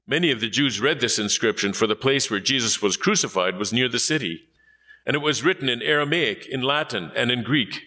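A man reading scripture aloud in a measured, solemn manner. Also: mid-range voice, pushed and bright. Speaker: scripture reader.

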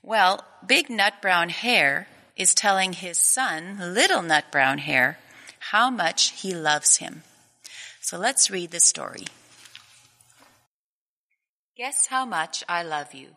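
A woman teaching children, reading a storybook aloud in a gentle, patient, inviting way. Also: fairly low pitch, lively intonation, slow pace. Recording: echoey hall with long reverb.

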